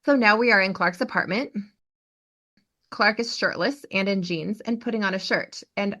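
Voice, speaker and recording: A woman hosting a podcast, recapping a TV episode as an animated storyteller. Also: mid-range voice, moderate pace. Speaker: podcast host.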